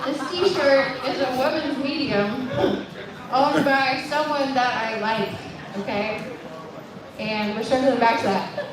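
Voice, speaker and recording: A woman's voice: sits high, slow. A woman doing stand-up at an open mic, chatty and self-mocking, quizzing the audience. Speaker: stand-up comic. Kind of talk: stand-up with crowd work. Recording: echoey club from far off, with a loud crowd.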